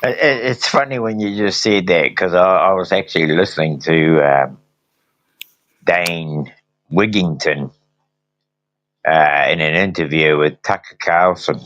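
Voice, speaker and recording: A man's voice: low voice, measured pace, a bit bright. A man hosting a casual conversation, easygoing and swearing now and then. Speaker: host. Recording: dull, dry sound.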